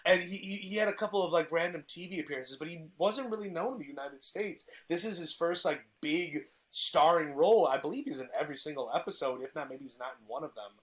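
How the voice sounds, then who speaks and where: A man's voice: a little high, quick pace, hardly any pauses, a bit bright. A man in casual podcast chat, eagerly retelling a TV plot with frequent restarts. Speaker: podcast guest presenting a TV villain.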